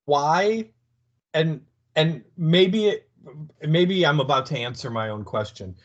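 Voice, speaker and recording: Slow, hedging podcast man. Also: a little high, expressive, lo-fi sound. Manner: slow, hedging talk full of "like". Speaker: podcast co-host. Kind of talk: casual podcast chat.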